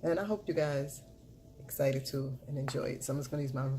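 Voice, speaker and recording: A woman beauty vlogger chats casually through a makeup tutorial at a fairly quick pace, with a little hiss or hum in the recording. She murmurs low narration while working, repeats catchphrases, and bursts into loud, excited chanting.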